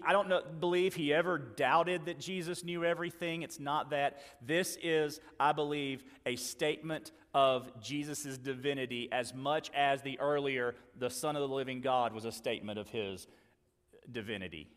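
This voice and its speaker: A man preaching a sermon, earnestly acting out the dialogue he quotes and moving between loud emphasis and quiet asides. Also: medium pitch, steady tone, normal speed, big-room sound. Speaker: pastor.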